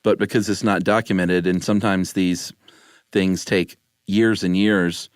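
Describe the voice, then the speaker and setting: A man's voice: low-pitched, level tone, unhurried, no room sound, studio quality. A man co-hosting a podcast in casual chat, rambling with hesitations and laughing often. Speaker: podcast co-host.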